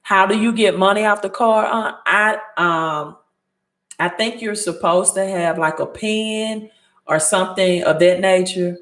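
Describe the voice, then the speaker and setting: A woman's voice: medium pitch, measured pace, fairly bright tone, roomy sound. A woman with a Southern Mississippi accent hosting a casual livestream, chatting loosely and reading out viewer comments as she thinks aloud. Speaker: credit advice host.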